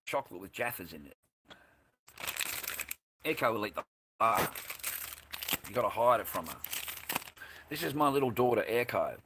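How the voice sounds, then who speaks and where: A man's voice: on the low side, big pitch swings, normal speed, long pauses, background noise. An Australian man hosting a casual livestream, rambling and swearing bluntly as he answers his live chat. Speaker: livestream host.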